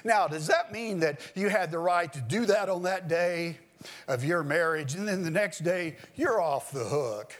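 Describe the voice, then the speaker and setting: A man delivers a sermon in a high voice that leaps and falls with lively expression. He takes his time, leaning hard on key phrases, then sinking into low, quiet asides as he addresses his listeners directly. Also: measured pace. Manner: emphatic preaching that swings between loud declaring and low, quiet asides. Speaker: preacher.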